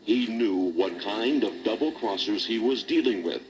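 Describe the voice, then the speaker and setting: A man's voice: on the low side, moderate pace, noisy background. A man narrating a children's storybook record in a dramatic read-aloud style.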